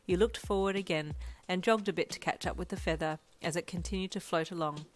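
A woman narrates a romance story in the second person, speaking softly and quietly. Her voice sits a little low, with an even, gentle pace. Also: fairly quick. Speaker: fanfiction reader.

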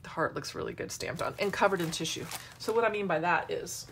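A woman's voice: on the low side, big pitch swings, fairly quick, gravelly, background noise. A middle-aged woman hosting a casual craft tutorial, chatting and wandering into asides as she works. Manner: chatty, rambling asides while working. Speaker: craft demo host.

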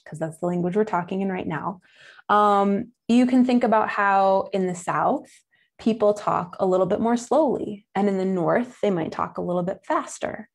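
A young adult woman with a Buffalo, New York accent teaches kids about nature, her medium-pitched voice a little mellow. This educator is enthusiastic and chatty, sprinkling in fillers and laughs.

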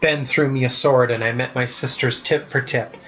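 A man's voice: mid-range voice, fairly even intonation, moderate pace, pushed and bright, slight background noise. Man reading his story aloud, muffled. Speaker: author reading his book. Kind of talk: storybook narration. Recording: muffled lo-fi recording.

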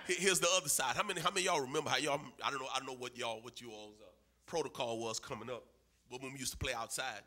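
A man's voice: mid-range voice, rapid-fire, pushed and bright. A man preaching a sermon in a church, emphatic and rhythmic, with repeated phrases and call and response. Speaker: pastor. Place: church sanctuary.

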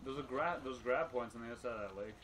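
A man's voice: mid-range voice, very fast, fairly bright tone. A young man joining a casual gaming session, teasing his friend and giving dry directions. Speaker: co-player. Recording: noisy home recording.

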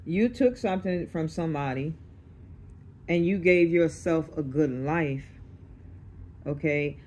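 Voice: medium pitch, unhurried, darkish tone, slight background noise. A tarot reader doing a casual reading to camera, blunt and streetwise, swearing freely and checking in with the listener. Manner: checks in with the listener, repeating "okay?".

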